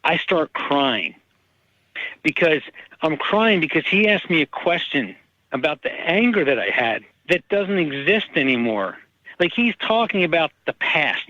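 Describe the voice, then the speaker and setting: A man, an author, telling personal stories in casual conversation and lively acting out the people in them. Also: on the high side, measured pace, no room sound, muffled recording. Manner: animated, acts out quoted people. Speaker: author guest. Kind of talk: casual storytelling.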